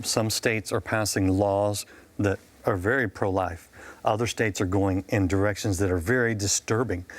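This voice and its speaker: Thoughtful male talk show host. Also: on the low side. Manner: thoughtful, repeats words as he searches. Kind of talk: interview questions.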